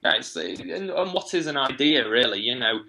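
A man with an English accent, a guest talking in a casual interview, thinking aloud with quick restarts. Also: medium pitch, sing-song, vocal fry, sharp tone, poor audio. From England. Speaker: guest, web agency founder.

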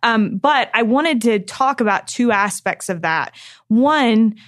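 A woman's voice: a little high, expressive, slow, no room sound, clean studio sound. A woman hosting an interview, asking questions in a casual, encouraging way with filler words. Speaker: podcast host.

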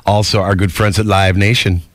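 A man's voice: on the low side, little pitch movement, brisk, no echo, clean studio sound. A middle-aged man hosting a morning radio show, earnest and sentimental, taking calls. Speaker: radio host. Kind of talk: casual morning radio banter.

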